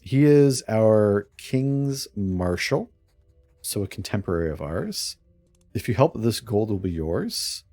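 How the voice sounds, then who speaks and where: A man with a fairly low voice talks through his strategy game as a let's play. He chuckles often and sounds playfully scheming as he explains his moves. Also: big pitch swings, takes it slowly, warm tone, no room sound, faint music behind. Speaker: streamer playing a strategy game.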